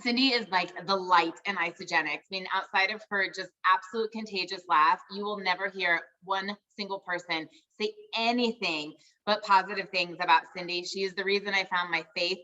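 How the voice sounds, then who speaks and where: A woman's voice: medium pitch, fairly even intonation, a little fast, few pauses, pushed and bright. A woman hosting a team call over a video link, gushing and upbeat as she introduces a guest, often saying "you guys.". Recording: dull lo-fi audio, slightly distant from mic.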